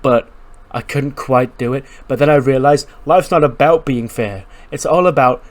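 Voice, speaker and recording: A man's voice: medium pitch, moderate pace, close to an everyday voice. A man voicing a laid-back young male wrestler who rambles on in surfer-bro slang. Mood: rambling.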